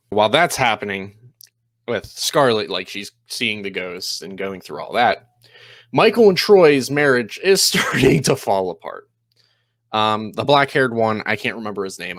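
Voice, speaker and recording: A man's voice: fairly low pitch, fairly bright tone, no echo. Casual man rambling through a recap. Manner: loose, rambling retelling with many fillers and quoted lines. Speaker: host recapping a TV episode.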